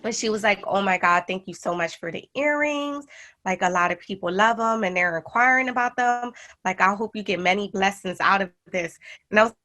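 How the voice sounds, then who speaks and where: Young woman guest, bright voice, animated storyteller in casual chat. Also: mid-range voice, brisk. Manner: excited storyteller, animated retellings. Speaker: guest artist and jewelry designer.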